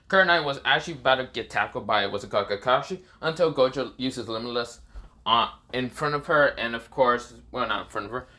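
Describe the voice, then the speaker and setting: A man's voice: mid-range voice, sharp tone. A man narrating a fan story casually, rambling and swearing, with many fillers.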